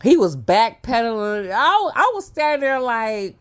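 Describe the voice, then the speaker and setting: A woman's voice: on the high side, sing-song, measured pace, hardly any pauses, fairly bright tone. A woman vlogger telling a personal story to her viewers, chatty and laughing often, with many fillers and asides. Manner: addresses viewers directly. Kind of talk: storytelling monologue.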